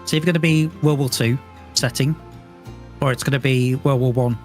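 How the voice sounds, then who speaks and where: Man, chatty, amused, trivia-minded, headset mic, soft music behind. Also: medium pitch, fairly even intonation, brisk. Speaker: co-player. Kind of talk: casual gaming chat.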